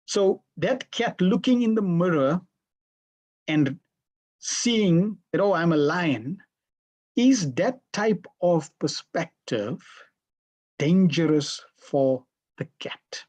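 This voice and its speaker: Husky-voiced teacher quizzing an online class. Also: mid-range voice, expressive, slow pace, darkish tone. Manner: questions the class and repeats answers back. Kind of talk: interactive online lesson.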